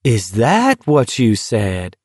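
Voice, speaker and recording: A man's voice: mid-range voice, huge pitch swings, takes it slowly, a little mellow, dry recording, clean studio sound, full character voice. A man voicing a sardonic young man who mocks and needles others playfully. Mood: mocking.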